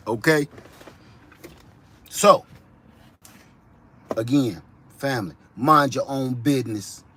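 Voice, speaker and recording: A man from Ohio doing a comedic monologue, animated and full of slang. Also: mid-range voice, very slow, pauses often, slightly rough. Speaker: vlogger.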